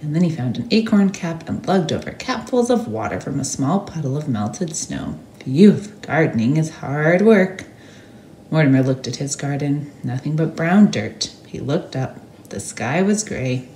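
A woman reading a picture book aloud to children at a church service, expressive and animated. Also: sits low, normal speed, reverberant, slight background noise. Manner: expressive, animated read-aloud with sound words.

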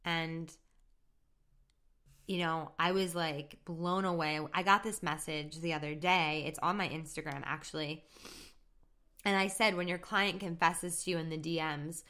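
Chatty female podcast host, lower-pitched, eager motivational coach tone. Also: sharp tone. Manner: upbeat, chatty, laughs at herself. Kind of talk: solo motivational podcast talk.

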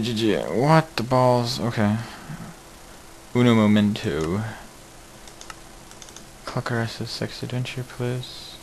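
A man's voice: medium pitch, slow pace, pauses often, a little hiss or hum, poor audio. A man hosting a casual game video, joking and exclaiming at each mishap while he plays. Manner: jokey, exclaims at mishaps, mutters asides. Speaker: gaming video host. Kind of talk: casual let's-play commentary.

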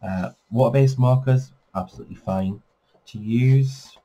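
A man's voice: medium pitch, measured pace, dull audio. A man giving a casual flip-through review of a colouring book, chatty, with frequent fillers and self-corrections.

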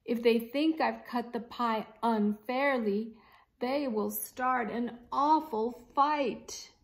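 A woman's voice: on the high side, takes it slowly, gravelly. Woman voicing a fretful female alligator. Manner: fretful, soft. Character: worried female alligator, timid and careful.

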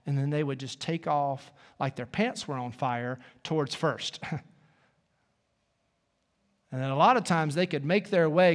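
A male pastor delivers a sermon with a slightly raised pitch and an easy, conversational style, checking in with his listeners as he goes. His voice carries through the long reverb of a church sanctuary. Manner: conversational preaching, folksy asides.

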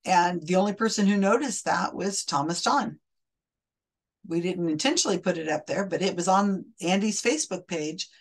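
A woman's voice: fairly low pitch, lively intonation, moderate pace. A woman host explaining an investigation in a chatty, wry way, often restarting her sentences. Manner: chatty, wry, self-correcting. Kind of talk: casual explanatory monologue.

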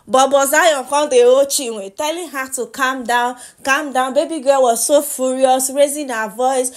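A young Nigerian woman with a Nigerian accent, recapping reality show drama in a casual gossip vlog, animated and laughing with Pidgin asides. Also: high voice, slow pace, hardly any pauses.

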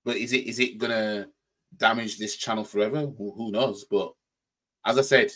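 Yorkshire bloke, reaction host, low husky voice, repeats himself, casual rant. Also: male voice, steady tone, moderate pace, fairly bright tone. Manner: repeats "you know what I mean", stammers on restarts; mocking mimicry in quoted voices.

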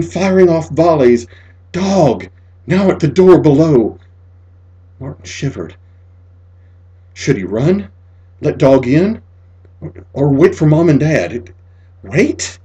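A man reading a spooky short story aloud, dramatic, dropping to near-whispers and rising to loud cries. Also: a little high, husky, poor audio. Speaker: audiobook reader.

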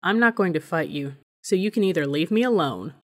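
A steady, defiant teenage boy who talks slowly and deliberately, voiced by a woman reading a storybook. He stays calm under threat. Her voice sits a little low for a woman.

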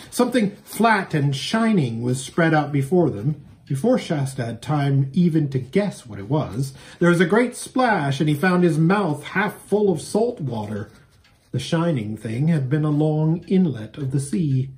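A pastor reading a children's novel aloud as an expressive storyteller. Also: male voice, on the high side, measured pace.

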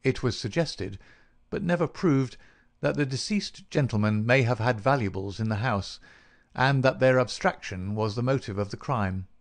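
A man narrating a classic detective story in a measured, even way. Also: medium pitch. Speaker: audiobook narrator. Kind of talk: scripted narration.

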